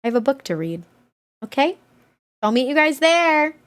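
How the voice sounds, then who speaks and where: A woman streaming live from home, chatting casually with her viewers and breaking into loud, excited squeals. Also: high voice, moderate pace. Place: home room.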